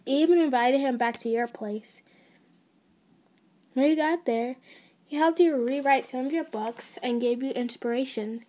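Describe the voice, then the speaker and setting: Mellow woman telling an ASMR story. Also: high voice, unhurried. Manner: casual, with restarts and side notes.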